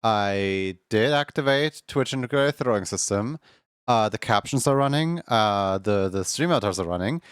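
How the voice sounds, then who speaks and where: A man's voice: fairly low pitch, animated, normal speed, clear, resonant tone, dry recording, studio quality. A man hosting a live stream in casual chat, often stumbling over repeated words and laughing between thoughts.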